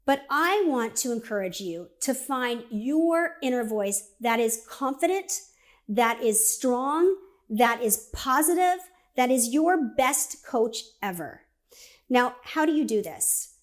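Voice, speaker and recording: A woman giving a conversational motivational talk, energetic and direct, acting out inner voices as she speaks. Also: on the high side, slow. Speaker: speaker and coach.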